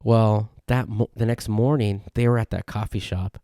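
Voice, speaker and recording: A man hosting a casual solo podcast, rambling through anecdotes and mimicking his friends in a higher voice. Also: fairly even intonation, normal speed, few pauses, warm tone, clean tone, no echo, clean studio sound. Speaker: podcast host.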